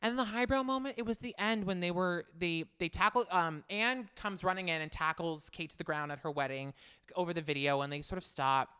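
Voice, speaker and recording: Enthusiastic man with a smooth voice. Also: high-pitched, brisk, sharp tone. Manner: enthusiastic, rambling. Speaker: podcast co-host. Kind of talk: casual chat.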